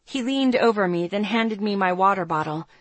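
A woman reading a first-person audiobook in a steady, plain storytelling manner. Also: mid-range voice, moderate pace, no room sound. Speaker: audiobook narrator.

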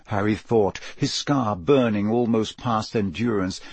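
A man reading an audiobook in a measured, dramatic narration style. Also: medium pitch, husky, dry recording. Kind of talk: scripted narration.

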